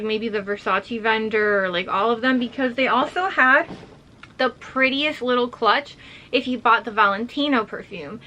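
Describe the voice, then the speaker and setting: A young woman chatting excitedly through an unboxing vlog, a little out of breath and full of "like". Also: a little high, highs cut off, a little hiss or hum. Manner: excited, chatty, heavy use of "like". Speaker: vlogger.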